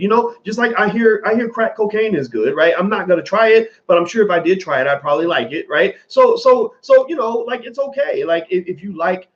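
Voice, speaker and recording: A man from the American South talks to his viewers in a loose, animated commentary. His voice sits a little high for a man, and he curses casually and repeats words to drive his point home. The audio sounds dull and lo-fi. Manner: animated, profane, repeats phrases for emphasis.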